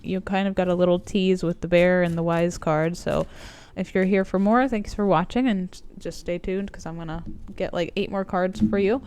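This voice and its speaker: A woman's voice: on the low side, steady tone, moderate pace, a little mellow, slight background noise. A woman with a cold giving a casual, meandering tarot reading to her viewers, with lots of "like" and "um". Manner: chatty, meandering, frequent "like" and "um". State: sick with a cold. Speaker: tarot reader and coach.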